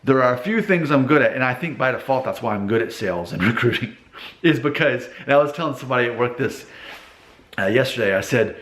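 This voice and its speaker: A man's voice: medium pitch, expressive, quick pace, a bit bright. A man in his thirties giving casual advice straight to camera, talking it through in a conversational way from his father's car repair shop. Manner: conversational, acts out quoted people in exaggerated voices. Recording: echoey workshop.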